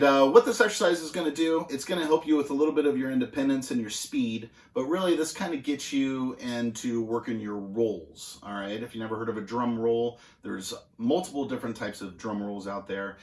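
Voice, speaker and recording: Male drum instructor, mid-pitched, easygoing and full of fillers; roomy echo. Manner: relaxed, halting with many fillers. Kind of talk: casual instructional demonstration. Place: music school practice room.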